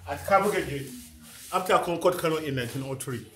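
A man's voice: fairly high pitch, fast talker, background noise. A man leading a guided museum tour in broken English, often checking whether his listener understands. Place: indoor museum galleries.

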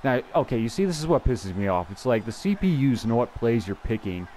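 A man's voice: medium pitch, very animated, a little fast, warm tone, a little hiss or hum. A young man giving casual, chatty commentary over his own football video game, thinking aloud and poking fun at his own play. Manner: chatty, self-deprecating, thinks aloud with restarts. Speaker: gameplay commentator. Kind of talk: casual live gameplay commentary.

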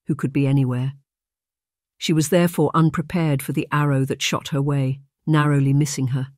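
Brief: measured romance narrator, middle pitch, dry close mic. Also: darkish tone, dry recording. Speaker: audiobook narrator. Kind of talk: scripted audiobook narration.

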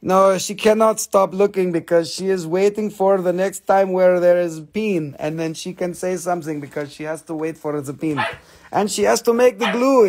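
Calling out prices on his live sales stream for stones, a man banters with viewers, teasing and joking in slightly broken phrasing. His voice sits high with a darkish tone, over slight background noise.

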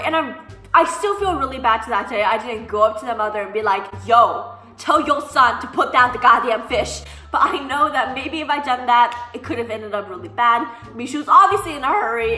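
A young woman vlogger telling casual storytime anecdotes in an animated, sassy way, mimicking the people she quotes. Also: a little high. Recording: echoey room, faint background music.

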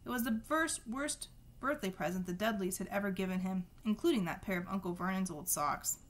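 A woman reads a novel aloud in a steady storytelling voice. Her pitch sits in the middle, and now and then she trips over a word and starts it again. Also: a little fast. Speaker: reader.

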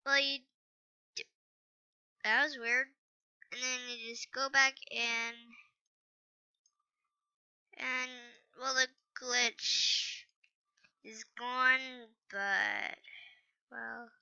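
Slow, bright-voiced woman commenting on gameplay. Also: on the high side, fairly even intonation, gravelly, clear, resonant tone, lo-fi sound. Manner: rambling, hesitant, apologetic asides. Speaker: gaming channel host.

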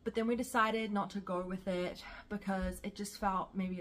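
A woman's voice: medium pitch, fairly even intonation, normal speed. A young woman from South Africa with a New Zealand accent, chatting casually and enthusiastically to camera as a vlogger.

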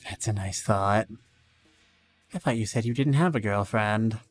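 A male streamer reading both sides of a game's dialogue aloud, with some lively rises. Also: lowish voice, measured pace, faint music behind.

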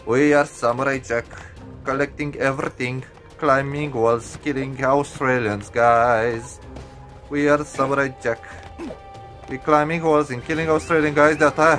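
A young man giving casual gameplay commentary, excitable and profane, stuttering and restarting, with sudden high yelps. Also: normal speed, soft background music.

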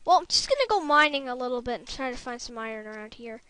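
A woman's voice: high-pitched, expressive, fast, sharp tone, clean tone. A female gamer chatting casually through her gameplay at a home computer, rambling and correcting herself as she goes, into a desktop microphone. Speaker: gameplay video maker.

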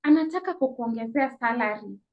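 Animated young Kenyan woman telling a story. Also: a little high, brisk, vocal fry. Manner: animated, acts out dialogue with shifting voices. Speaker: vlogger. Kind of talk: casual storytime, mixing English and Swahili slang. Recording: slightly dull lo-fi sound.

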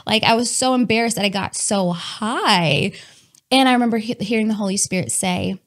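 A woman telling a personal testimony in a candid, animated way, talking to her listeners as y'all and laughing between lines. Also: on the high side, moderate pace. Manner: chatty with many fillers and laughs.

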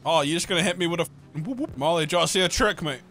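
A man's voice: a little high, very fast, a bit bright, a little hiss or hum. A young man in casual gaming banter with friends on voice chat, teasing them and laughing. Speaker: gamer. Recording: game music underneath.

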